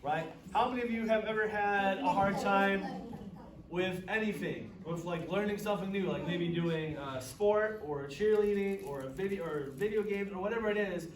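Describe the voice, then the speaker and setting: A man's voice: high-pitched, normal speed, crowd noise. A man hosting a children's program, encouraging the kids and asking them lots of questions. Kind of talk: leading a children's group lesson. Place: large room with children. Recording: echoey room, distant mic, dull, children around.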